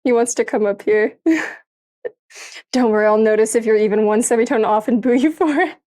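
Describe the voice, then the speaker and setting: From her home kitchen, a young woman streams live, joking around with chat and her pets, laughing frequently and swearing freely. She speaks at a normal speed in a fairly high voice with a dark tone.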